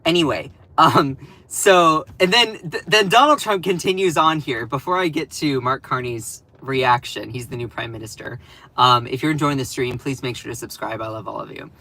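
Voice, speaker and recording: A man's voice: mid-range voice, normal speed, bright, forceful tone. A man giving casual political commentary on his stream. He rambles and stops himself to restart as he mocks what he is reacting to. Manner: rambling and sarcastic, with many restarts.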